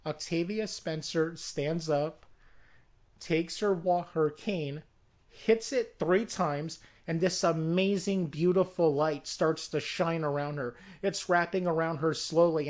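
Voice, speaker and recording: Slow, rambling casual storyteller. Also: mid-range voice. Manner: rambling, with frequent fillers and restarts; chatty asides and self-corrections. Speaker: pitching a movie idea. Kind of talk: casual spoken pitch, retelling a story.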